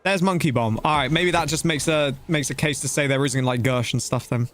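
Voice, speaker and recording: A man's voice: mid-range voice, brisk. A young man casually commenting on a game he is playing live, chatting loosely with his viewers. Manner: chatty and loose, talking to chat while playing, slangy with "bro" and "dude". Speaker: game streamer.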